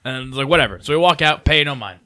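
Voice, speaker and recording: A man telling a story to friends in casual chat, animated and swearing freely, raising his voice as he acts out drunk strangers. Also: medium pitch, fast, slight background noise.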